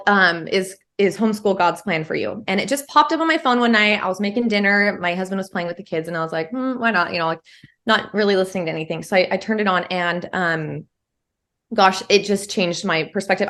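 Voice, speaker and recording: Her voice is mid-range with a fairly bright tone. A woman in her thirties from California, she's a homeschooling mother of three being interviewed, recounting her story conversationally with plenty of "um" and "like" fillers.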